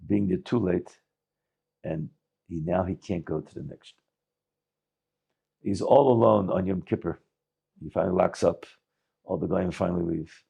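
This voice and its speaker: A rabbi with a low, gravelly, husky male voice gives a talk, telling a story in animated English sprinkled with Yiddish words and frequent restarts.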